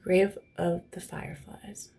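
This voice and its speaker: A woman's voice: on the low side, little pitch movement, slow pace, creaky, mellow, husky. A young woman host telling personal stories in a casual, blunt, profane way, often dropping to a near whisper. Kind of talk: casual storytelling chat.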